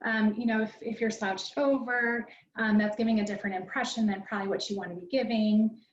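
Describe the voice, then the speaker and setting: A woman teaching presentation skills in a conversational, instructive way, often pausing on "um". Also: fairly high pitch, fairly even intonation, recorded from a distance. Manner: conversational and instructive, peppered with ums. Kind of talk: online library workshop lecture. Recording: dull, roomy sound from away from the mic.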